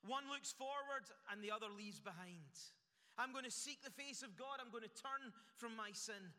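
A man's voice: extremely high pitch, normal speed, sharp tone. A man pastor delivering an earnest sermon in a church, building emphasis through repeated phrases. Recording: echoey church hall.

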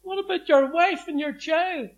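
A woman's voice: medium pitch, steady tone, unhurried, dark tone, close to an everyday voice. A man voicing his distraught mother, who scolds her grown son in a pleading tone. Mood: scolding.

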